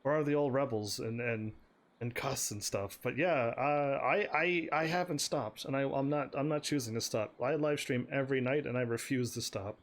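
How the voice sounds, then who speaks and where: A man's voice: medium pitch, normal speed. A man live streaming a game, chatting with his viewers in a casual, stammering way, laughing often. His voice sounds slightly strained. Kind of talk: casual gameplay commentary.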